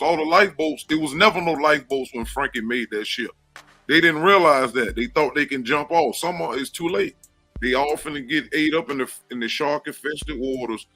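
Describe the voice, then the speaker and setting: A man's voice: a little high, bright, forceful tone. A man from Florida with a Southern accent, speaking emphatically and at length on an online panel. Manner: emphatic, rambling, repeats "you understand".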